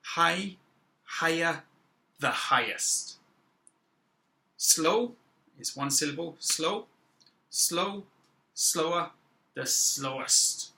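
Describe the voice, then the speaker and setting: A man teaching an English grammar lesson, speaking slowly and stressing each example word. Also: fairly high pitch, creaky, bright, forceful tone, low-quality recording. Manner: slow, deliberate, stressing example words. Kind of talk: classroom-style grammar lesson.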